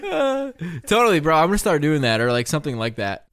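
A young man co-hosting a casual podcast chat, rambling with lots of fillers and bursting into high laughs. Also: huge pitch swings, fast talker, fairly bright tone. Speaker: podcast co-host.

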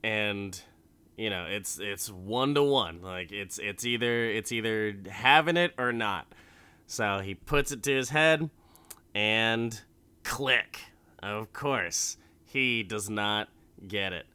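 Man for a casual film recap: slow, rambling, bright and clear. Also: fairly low pitch, no room sound. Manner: rambling, profane, full of restarts.

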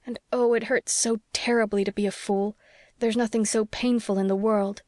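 A woman's voice: medium pitch, fairly even intonation, moderate pace, darkish tone, no echo, studio quality, lightly acted. A woman reading as an anguished, restless young woman. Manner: fervent, pleading delivery. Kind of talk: audiobook character reading.

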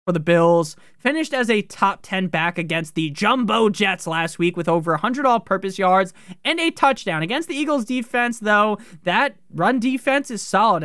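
A man talks through a sports podcast in loose, profane commentary, full of jokes. His voice is smooth and resonant. The sound is close and dry, with no room around it. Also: high voice, fairly bright tone, dry recording. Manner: profane, joking, fast-talking. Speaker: fantasy football podcast host.

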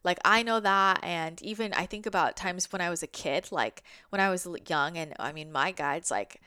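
A woman's voice: lowish voice, moderate pace, sharp tone, smooth, dry recording, clean studio sound. A young adult woman talking casually and reflectively as a spiritual channel, rambling with lots of fillers, heartfelt and sometimes swearing. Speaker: spiritual channel, podcast host.

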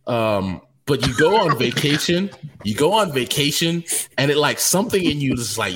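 Animated man telling a story. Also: fairly high pitch, normal speed, slight background noise. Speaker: podcast co-host. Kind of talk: casual chat.

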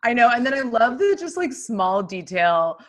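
A woman co-hosting a casual film podcast, animated and giggly with blunt jokes. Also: on the high side, normal speed. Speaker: podcast co-host.

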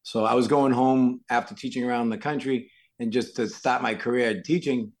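A man from Massachusetts, a stuntman and actor, telling lively stories as an interview guest and acting out the quotes. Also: medium pitch, fairly quick. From Worcester, Massachusetts. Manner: lively anecdotes full of acted-out quotes. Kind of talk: casual interview storytelling.

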